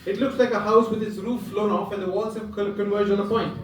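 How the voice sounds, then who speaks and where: A male comedian voicing an imperious ancient pharaoh in a booming, commanding way during a stand-up bit. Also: fairly even intonation, brisk, natural voice. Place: pub stage. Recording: echoey pub room, far mic.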